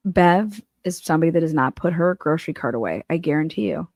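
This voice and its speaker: A woman's voice: deep voice, lively intonation, fast talker, a little mellow, no echo, studio quality. A woman hosting a livestream, ranting about a trial in blunt, sarcastic, heavily profane casual commentary.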